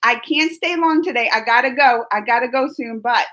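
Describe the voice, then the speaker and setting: A woman hosting a casual live-chat video, reading viewers' comments in an animated, playful way and laughing often. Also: on the high side, moderate pace.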